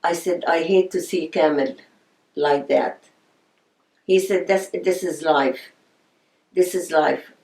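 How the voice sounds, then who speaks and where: A woman's voice: low voice, takes it slowly, pauses often, a little mellow. An older woman, telling her life story in an oral history interview. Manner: reminiscing, storytelling with quoted voices. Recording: echoey room.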